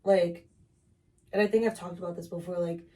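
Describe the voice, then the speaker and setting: A woman's voice: lowish voice, fairly even intonation, normal speed, dark tone, recorded from a distance. A young woman co-hosting a podcast in casual chat, talking frankly with lots of filler words and some swearing. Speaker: podcast co-host. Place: bedroom with tripod. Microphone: camera on tripod.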